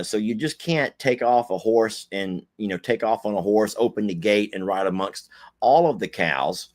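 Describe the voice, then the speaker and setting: A middle-aged man chatting casually on a livestream in a folksy, joking way. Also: on the low side. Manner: folksy, joking, animated asides. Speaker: co-host.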